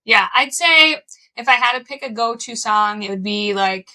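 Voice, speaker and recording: A woman's voice: fairly high pitch, animated, moderate pace, pushed and bright, rough recording. A woman co-hosting a podcast in a casual, upbeat way, laughing easily. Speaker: podcast co-host.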